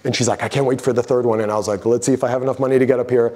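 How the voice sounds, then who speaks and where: A man giving a casual artist talk as a photographer, telling a story with lively quoted voices and frank swearing. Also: medium pitch, very fast.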